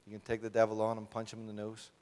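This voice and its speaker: A man with an Irish accent preaching a sermon, swinging from loud peaks to soft, quiet passages. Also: fairly low pitch, monotone, racing. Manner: impassioned, builds to loud peaks then drops soft. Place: church hall. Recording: reverberant hall.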